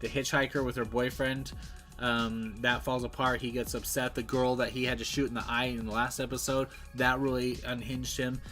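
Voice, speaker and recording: A man talks through a TV episode in a loose, rambling review, restarting sentences and trailing off before circling back with enthusiasm. His voice sits at an ordinary middle pitch. Soft music plays faintly under his talk. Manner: rambling, self-correcting, enthusiastic. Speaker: show reviewer. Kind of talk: casual spoken TV review. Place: at home, streaming.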